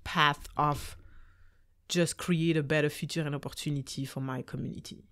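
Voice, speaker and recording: A young adult woman with a French accent, a dancer and choreographer chatting as a podcast guest, laughing often and pausing with ums. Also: deep voice, steady tone, a bit bright. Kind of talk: casual interview chat.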